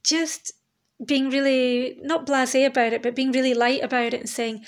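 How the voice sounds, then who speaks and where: A woman's voice: high voice, little pitch movement, normal speed. Candid woman podcasting alone. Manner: candid, rambling, swears casually. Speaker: podcast host. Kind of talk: reflective solo podcast monologue.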